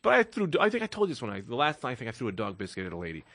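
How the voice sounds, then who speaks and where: Quick, lively comic man. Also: mid-range voice, no room sound. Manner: fast, lively, bright, swings up into loud quoted outbursts. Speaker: podcast co-host. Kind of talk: casual comedic storytelling.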